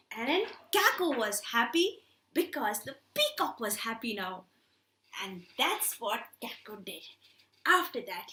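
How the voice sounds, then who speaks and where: Lady running a kids craft class, slow and bright, keeps asking the kids stuff. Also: on the high side. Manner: coaxing, asks children questions. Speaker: children's hobby class teacher. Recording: roomy echo.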